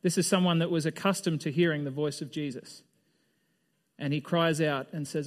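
A man with a notably high-pitched voice preaching a sermon to a gathered congregation. His delivery is loose and conversational, full of questions thrown out to the room. He often restarts or drops a sentence halfway before pressing on. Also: fairly even intonation, moderate pace. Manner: restarts and trails off mid-sentence. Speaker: pastor.

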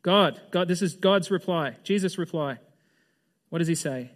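A pastor with a notably high-pitched voice preaches a sermon to a gathered congregation at normal speed. His delivery is loose and conversational, full of questions tossed to the room, and he often restarts or drops a sentence halfway before pressing on.

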